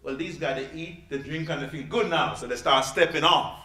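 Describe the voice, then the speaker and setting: Man, preacher, sermon, lively folksy delivery, bright tone, roomy church echo. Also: a little high, a little fast. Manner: lively, folksy preaching with sudden loud peaks and hushed asides. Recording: echoey church room.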